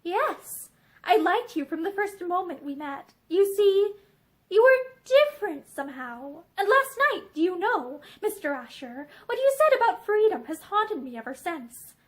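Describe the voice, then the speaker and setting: A woman reading aloud and voicing a lively, teasing young society woman. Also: very high-pitched, heavily acted. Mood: eager. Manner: bright, teasing, quick to challenge.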